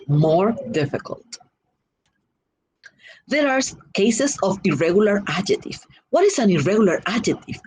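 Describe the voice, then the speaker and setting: A woman teaching an English grammar lesson with a Spanish-influenced accent, slowly repeating and drilling example words. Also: medium pitch, darkish tone, a little hiss or hum, rough recording.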